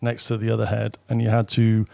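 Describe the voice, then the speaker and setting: A middle-aged British man, a guest on an interview show, telling anecdotes casually with quick asides and the odd swear. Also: fairly low pitch, completely flat delivery, vocal fry, warm tone. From Britain. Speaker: guest, former military pilot. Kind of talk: casual storytelling.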